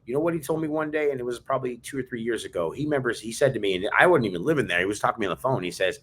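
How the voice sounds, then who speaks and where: A man's voice: medium pitch, lively intonation, racing, a bit bright, breathy edge. A man co-hosting a podcast, telling stories in a fired-up, emphatic way. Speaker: podcast co-host. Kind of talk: casual chat.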